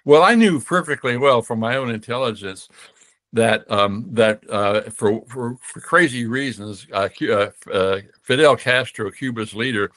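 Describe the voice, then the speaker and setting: An older man from the United States, a podcast guest telling long stories with many restarts, getting animated when he quotes other people. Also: mid-range voice, a little slow, no room sound. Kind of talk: storytelling interview.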